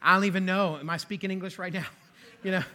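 A man preaching in a church, his voice high and bright. He teaches in a conversational way, slipping in self-deprecating jokes and asides to the congregation. The delivery stays friendly and informal. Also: steady tone, quick pace, slight background noise. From western Pennsylvania. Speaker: pastor. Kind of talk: sermon. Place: church sanctuary.

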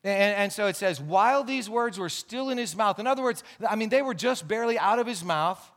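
Higher-voiced man preaching a sermon. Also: lively intonation, brisk, fairly bright tone. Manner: earnest, explanatory preaching with asides and restarts. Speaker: pastor.

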